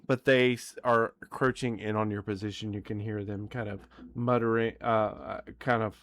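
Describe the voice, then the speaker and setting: A man running a tabletop game as dungeon master, narrating in a relaxed, rambling way and often correcting himself. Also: lowish voice, moderate pace, hardly any pauses, no echo, clean studio sound.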